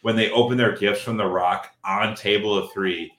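Deep-ish bright man on a podcast, stop-start delivery, roomy sound. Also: steady tone. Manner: halting, many filler pauses. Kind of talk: casual podcast chat. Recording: roomy echo.

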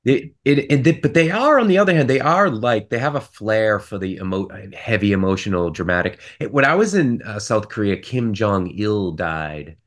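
A man's voice: on the low side, expressive, normal speed, few pauses. A man co-hosting a casual film podcast, talking in a rambling way with frequent restarts. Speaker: podcast co-host.

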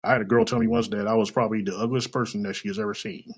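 Gravelly, blunt, profane man. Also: fairly low pitch, fairly even intonation, very fast, dull audio. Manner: blunt, profane, self-deprecating. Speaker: podcast host. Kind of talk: casual monologue.

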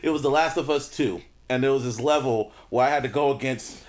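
A man's voice: medium pitch, a little fast. A man co-hosting a podcast, telling funny anecdotes in casual chat. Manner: anecdotal, laughs through stories. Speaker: podcast co-host.

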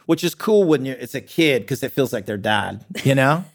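A man's voice: medium pitch, lively intonation, moderate pace. A middle-aged man as a podcast guest, joking irreverently and rambling through casual chat with lots of restarts.

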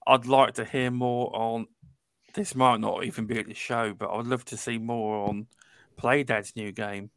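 A man's voice: medium pitch, flat delivery, moderate pace, no room sound. A man hosting a casual gaming podcast, giving plain-spoken, rambling opinions. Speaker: podcast host. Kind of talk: casual panel chat.

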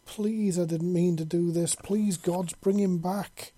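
A narrator voicing a panicked, remorseful winged woman who pleads and sobs in a raised pitch. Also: steady tone, slow pace, dark tone, breathy edge. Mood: sobbing pleas.

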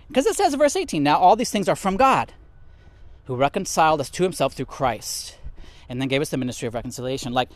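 A man teaching from the Bible in an animated way, a little out of breath as he walks and talks. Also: a little high, dry recording. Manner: animated, reads and explains scripture; talks while walking vigorously.

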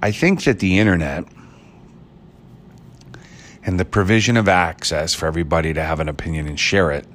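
An Irish man hosts a podcast alone, musing in a rambling, playful way with wry asides. His voice is low and fairly bright, moving fairly quickly but broken by long pauses, with slight background noise behind him.

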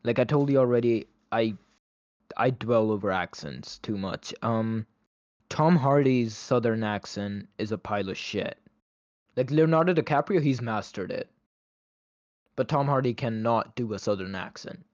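A man's voice: mid-range voice, unhurried, a little mellow, no echo, dull audio. A man in a casual movie review chat, opinionated and chatty, with a lot of "like" between his words. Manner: opinionated, chatty, many "like" fillers.

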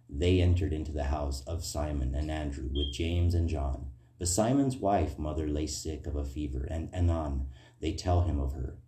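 A man's voice: extremely low pitch, dark tone, echoey room. A man giving a rambling, earnest informal sermon, then reading scripture aloud. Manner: rambling, earnest, fillers and tag questions. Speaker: preacher.

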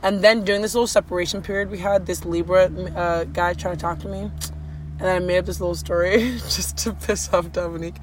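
A woman's voice: fairly low pitch, steady tone, brisk, noisy background. A woman co-hosting a casual podcast with her partner, chatty and teasing, rambling with lots of "like.". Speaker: podcast co-host. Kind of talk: casual couple chat.

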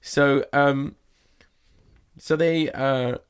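A man's voice: mid-range voice, steady tone, extremely slow, clean tone. A man guest telling a rambling anecdote in casual conversation, full of fillers and quoted exchanges. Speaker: guest, magician performer. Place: sauna.

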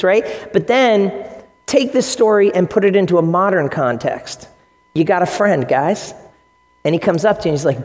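A man preaching a sermon as pastor, telling stories with lively acted-out quotes. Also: high voice, fairly quick, big-room sound. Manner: animated storytelling with acted-out quotes.

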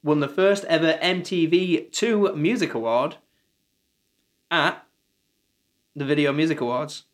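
A man, co-hosting a casual music podcast, relaxed and joking as he asks questions. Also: fairly high pitch, measured pace, long pauses. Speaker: podcast co-host. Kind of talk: casual chat.

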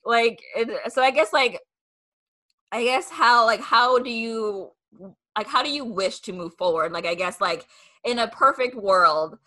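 A woman's voice: fairly high pitch, unhurried, pushed and bright. A young woman hosting a podcast, chatting casually with many "like" fillers and acting out what people said to her. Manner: chatty, lots of "like" fillers, acts out quoted replies. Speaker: podcast host.

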